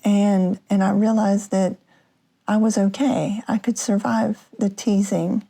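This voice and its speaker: A woman podcast host telling a personal story, halting with many restarts and fillers. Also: medium pitch, fairly even intonation, creaky, dark tone.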